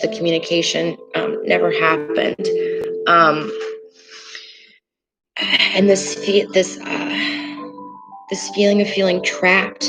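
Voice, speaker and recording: A woman giving a tarot reading, speaking in a halting, hesitant way with many pauses and fillers. She sounds earnest and emotional as she talks through the cards. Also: lowish voice, poor audio. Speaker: tarot reader. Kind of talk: tarot card reading to camera. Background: soft meditation music.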